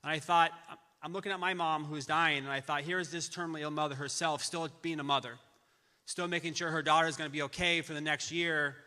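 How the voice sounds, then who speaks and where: In a large church auditorium with long reverb, a middle-aged man with a fairly high, very bright voice gives a memorial tribute to a friend. His intonation stays fairly even as he tells the personal story haltingly, with many stops and restarts.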